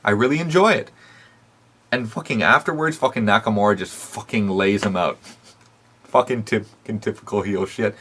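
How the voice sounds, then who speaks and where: A man's voice: on the low side, normal speed, husky. A man hosting a wrestling recap show, talking casually and bluntly, swearing constantly between fillers and short laughs. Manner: animated rants with frequent fillers and laughs. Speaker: wrestling podcast host.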